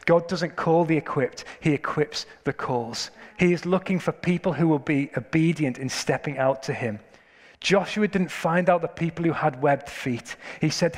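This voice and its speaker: A man's voice: medium pitch, in a large hall. A man preaching a sermon, telling stories and building to emphatic questions.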